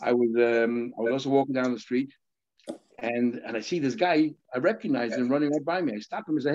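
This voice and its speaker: A man's voice: medium pitch, a little fast, a little mellow. A male rabbi giving a Talmud lesson, explaining terms step by step in a conversational way. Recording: slightly dull lo-fi audio.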